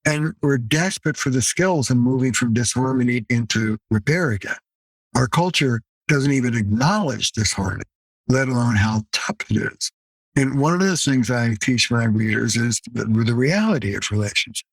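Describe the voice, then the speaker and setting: A man's voice: mid-range voice, expressive, normal speed, slightly rough, no echo. Older male therapist guest, punchy and emphatic, dry close sound. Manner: emphatic, punchy, playful asides. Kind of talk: podcast interview.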